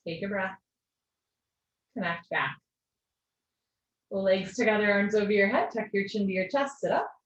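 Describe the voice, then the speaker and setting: A woman teaching a live online yoga class, giving steady posture cues with gentle encouraging asides. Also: medium pitch, normal speed, pauses often. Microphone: video call. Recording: echoey lo-fi video call audio.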